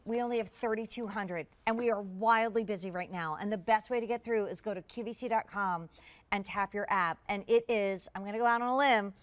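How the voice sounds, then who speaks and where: A woman's voice: medium pitch, fairly quick. A woman hosting a live shopping channel segment, chatty and gushing as she tastes and sells the food. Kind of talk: live TV sales pitch.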